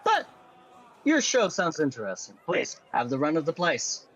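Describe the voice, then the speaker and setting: Lively, high-voiced male game master. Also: moderate pace, dull audio, some chatter behind. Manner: animated, playful narration. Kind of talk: narrating a tabletop game.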